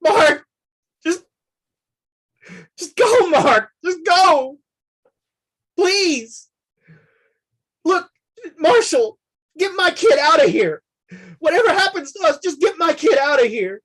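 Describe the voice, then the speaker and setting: A woman's voice: on the low side, normal speed, breathy edge. A woman voicing a desperate frontier father who pleads for his son to be taken to safety. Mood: frantic pleading. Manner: frantic, pleading, near tears.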